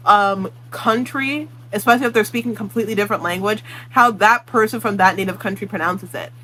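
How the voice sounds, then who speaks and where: A woman's voice: medium pitch, fairly bright tone, low-quality recording. A woman book vlogger ranting her opinions in casual talk, blunt and exasperated, swearing freely. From Puerto Rican.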